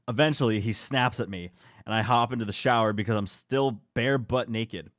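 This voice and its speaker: A man's voice: mid-range voice, brisk, fairly bright tone, no echo, clean studio sound. A man co-hosting a podcast, reading stories aloud and rambling into laughing asides. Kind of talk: casual chat, reading posts aloud.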